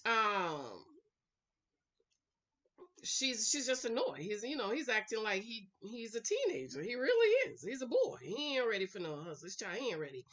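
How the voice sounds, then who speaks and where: A woman's voice: medium pitch, sing-song, moderate pace, a bit bright, dull audio. A woman recording a casual, sassy recap vlog at home, chatting to her viewers and calling them y'all, honey and girl. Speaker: reality TV recap vlogger.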